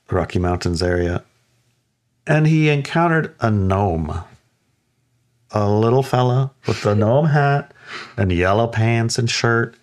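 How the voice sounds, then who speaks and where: Man, low voice, casual storyteller, podcast co-host, playful quoted voices. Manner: animated, acts out quoted voices with playful high pitch.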